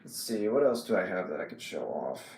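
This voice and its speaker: Low-voiced man live streaming casually. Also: big pitch swings, roomy sound, noisy background. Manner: halting, frequent ums and restarts; chatty, reads and answers chat messages.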